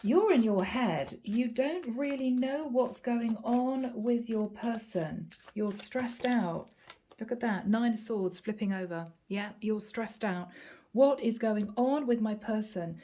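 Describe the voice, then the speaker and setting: A woman's voice: on the high side, warm tone. A woman giving a channeled tarot reading in a chatty style, drawing out words for emphasis. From Ireland. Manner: chatty, drawn-out emphatic phrasing. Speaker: tarot reader.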